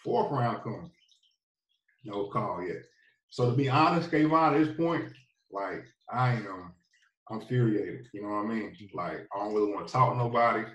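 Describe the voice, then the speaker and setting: His voice is on the low side and expressive, with a moderate pace and fairly bright tone, though the highs are cut off. The North Carolina pro football player rambles easily through his story as a guest, heavy on fillers, recorded roomy and far from the mic.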